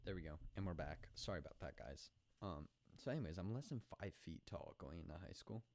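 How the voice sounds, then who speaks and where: A man's voice: low voice, lively intonation, brisk, a little mellow. A young man hosting a casual solo podcast, rambling and joking about himself, with lots of restarts, talking into a podcast microphone at home. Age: young adult. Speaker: podcast host. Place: indoor room at home at night.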